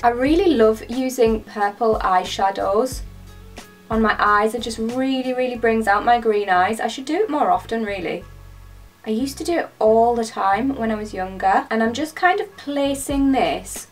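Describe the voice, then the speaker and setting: Gushing British woman, higher voice. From United Kingdom. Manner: gushing, excitable, chatty. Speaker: beauty vlogger. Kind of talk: makeup tutorial chat.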